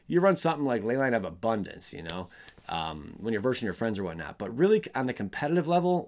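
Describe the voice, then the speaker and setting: A young man hosting a casual card review, rambling and often stumbling over and correcting his words. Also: mid-range voice. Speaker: card game video host.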